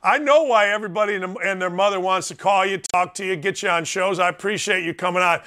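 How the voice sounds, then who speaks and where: A man hosting a sports talk show, brash and excitable, often raising his voice for emphasis. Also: high voice, quick pace. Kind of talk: loud casual sports talk.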